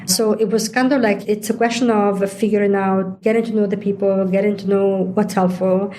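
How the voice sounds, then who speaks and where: A woman's voice: mid-range voice, fairly even intonation, moderate pace, warm tone, a little hiss or hum. A middle-aged woman, a guest in an interview, explaining her points at length with examples. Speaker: interview guest, digital executive. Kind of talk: conversational interview.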